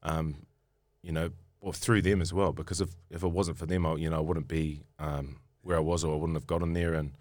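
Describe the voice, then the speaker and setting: Deep-voiced New Zealand man, rambling. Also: little pitch movement, fairly quick, hardly any pauses, a little mellow, dry recording, clean studio sound. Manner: rambling, repeats and restarts words often. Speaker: rugby player guest. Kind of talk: casual storytelling interview.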